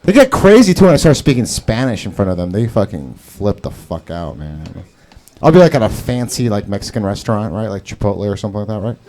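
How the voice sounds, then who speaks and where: A man's voice: on the low side, very animated, fast talker, darkish tone. A man doing stand-up at an open mic in a small garage, rambling and self-mocking, with a lot of profane crowd work. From Salvadoran and Brazilian heritage. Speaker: stand-up comedian.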